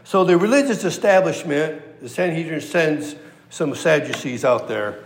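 A male preacher with a medium-pitched voice teaches a sermon verse by verse in a large, echoey hall. His style is conversational and emphatic, and he acts out the quotes he reads.

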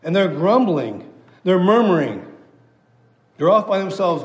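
A man's voice: high-pitched, sing-song, a little slow, long pauses. A man preaching an expository sermon, reading scripture aloud and hammering points home through repetition. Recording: long hall reverb.

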